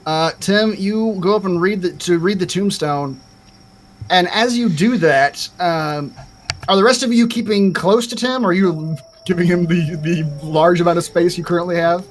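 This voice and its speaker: Higher-voiced man narrating a tabletop game. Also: normal speed, slight background noise. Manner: hesitant, with frequent fillers. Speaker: game master.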